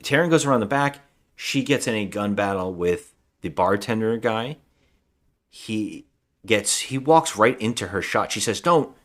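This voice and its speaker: A man's voice: fairly low pitch, unhurried, a bit bright. A man co-hosting a podcast, casually recapping a movie plot in a rambling way, acting out quotes and swearing. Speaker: podcast co-host.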